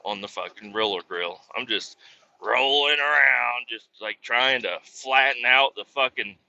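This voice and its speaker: A Kansas City man tells profane, self-mocking, wandering stories in a casual monologue while driving. His voice is medium in pitch, a little slow, creaky, pushed and bright, and the recording is muffled.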